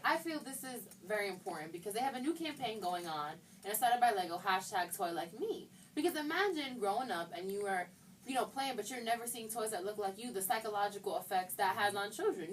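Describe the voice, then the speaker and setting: A woman's voice: on the high side, big pitch swings, fairly quick, far from the mic, rough recording. A young woman co-hosting a college radio show, chatting casually and emphatically, often laughing. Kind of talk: casual chat. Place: radio studio. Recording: voice a bit off-mic with faint noise.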